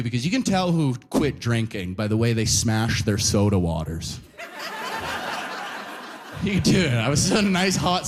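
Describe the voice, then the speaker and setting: A young Canadian man doing stand-up comedy, telling rambling stories and tagging lines with "right?". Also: mid-range voice. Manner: rambling storytelling, frequent "right?", playful.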